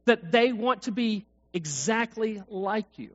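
A man's voice: high voice, lively intonation, unhurried. A man preaching a sermon, talking conversationally and asking the congregation questions. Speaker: pastor. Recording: dull lo-fi recording.

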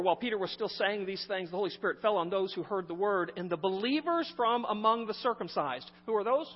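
Male pastor, very high voice, animated sermon delivery, muffled echoing hall recording. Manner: animated, swings between loud emphasis and quiet asides.

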